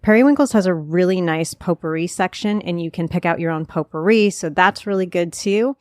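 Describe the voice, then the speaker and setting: A woman's voice: on the low side, brisk, no echo, clean studio sound. A middle-aged woman with a New Jersey accent hosting a local podcast, chatty and self-deprecating with rambling asides. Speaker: podcast host.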